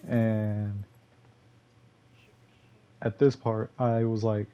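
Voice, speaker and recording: A man's voice: mid-range voice, level tone, a little slow, gravelly, pauses often, lo-fi sound. A young man from Texas commentating on his own gameplay in a rambling, loose way, full of fillers and curses. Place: home gaming room.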